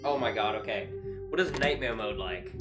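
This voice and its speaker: A man's voice: on the low side, lively intonation, normal speed, reverberant, music in the background. A man playing a VR horror game as a YouTuber, jumping between nervous laughter and frightened shrieks. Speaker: gaming YouTuber.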